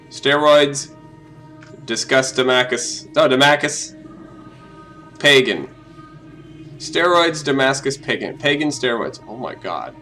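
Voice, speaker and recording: A man giving casual, jokey commentary while playing a game, often gushing in a high voice. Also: low-quality recording. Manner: excitable and jokey, jumps to high-pitched gushing. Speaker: let's play host.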